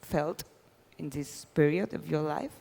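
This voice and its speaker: Woman interviewer, English, halting phrasing, lowish voice. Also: creaky, dark tone, in a large hall. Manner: halting, searching for words. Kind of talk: live onstage conversation.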